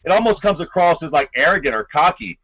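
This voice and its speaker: A man's voice: on the high side, big pitch swings, fast, fairly bright tone, muffled recording. A man co-hosting a podcast, giving blunt, profane opinions in casual sports banter. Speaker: podcast co-host.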